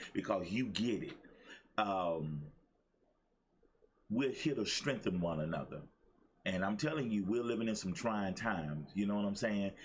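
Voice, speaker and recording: A man hosting a live-streamed motivational show, preaching with excitement, repeating his lines for emphasis and greeting viewers by name. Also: fairly low pitch, slight background noise. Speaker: host of a daily motivational show.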